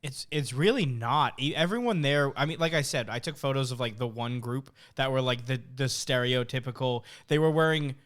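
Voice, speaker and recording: Young man with a smooth, clear voice. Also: medium pitch, normal speed, few pauses. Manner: animated, laughing storyteller. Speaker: podcast co-host. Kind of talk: casual chat.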